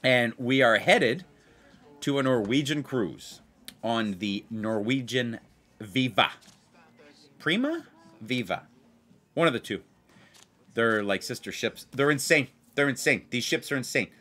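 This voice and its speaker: A man hosts a blackjack video, chatting casually and excitedly as he plays, repeating himself for emphasis and speaking directly to viewers. His mid-range voice is unhurried.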